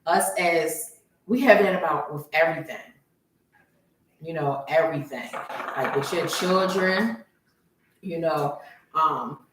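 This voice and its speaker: A woman co-hosting a podcast, telling a personal story in casual chat and jumping high in pitch when she quotes her own panic. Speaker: podcast co-host. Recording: roomy echo, far from the mic.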